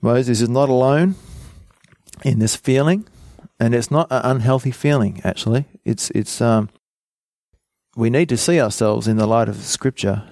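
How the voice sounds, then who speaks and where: A man's voice: mid-range voice, mellow, dry recording, studio quality. A man preaching a Bible teaching, reading scripture aloud and explaining it plainly with small fillers.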